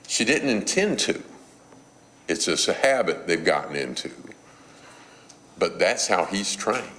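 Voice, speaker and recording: A man's voice: deep voice, fairly bright tone, roomy sound, a little hiss or hum. A male preacher giving a conversational sermon, teaching through everyday stories. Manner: conversational, illustrative storytelling. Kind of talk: sermon on parenting.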